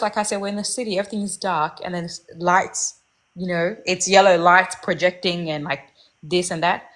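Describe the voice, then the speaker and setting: A woman's voice: lowish voice, a bit bright. A young woman casually telling a personal dating story, rambling and candid, with many fillers and restarts.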